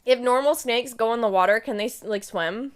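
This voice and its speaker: A woman's voice: fairly high pitch, a little fast. A young woman in her twenties chatting casually to her live stream audience, telling a story and acting out what she and her friends said.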